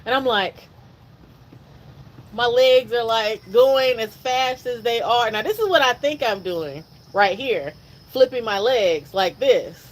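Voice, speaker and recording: Woman on a podcast telling a story, kinda high voice, slow, acts out the dialogue. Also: expressive, rough recording. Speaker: podcast co-host. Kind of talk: casual storytelling.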